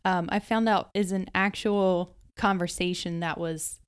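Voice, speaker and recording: A woman's voice: fairly low pitch, fairly even intonation, unhurried, smooth. A woman, a guest on a casual movie podcast, sharing trivia in a chatty, hesitant way with many fillers.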